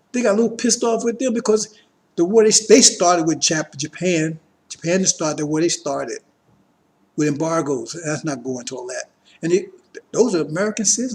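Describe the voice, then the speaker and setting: High-pitched man preaching emphatically. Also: a little mellow. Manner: emphatic, rhetorical questions, repeated tag checks with listeners. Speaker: religious teacher addressing a congregation. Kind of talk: preaching political lecture.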